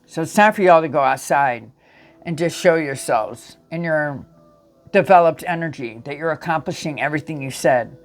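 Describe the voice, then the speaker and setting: A woman's voice: low voice, moderate pace, faint music behind. A woman giving a casual spiritual tarot reading to her viewers, earnest and emphatic, often restarting her sentences. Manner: earnest, emphatic, with frequent restarts and self-corrections. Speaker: tarot reader.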